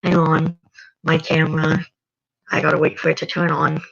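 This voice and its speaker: A tired young woman on a casual livestream, chatting hesitantly between stretches of reading aloud. Her voice is low and gravelly but bright in tone. The recording is dull and lo-fi. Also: monotone, normal speed. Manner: chatty, hesitant, self-correcting. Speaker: livestream host reading a story. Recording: dull lo-fi sound.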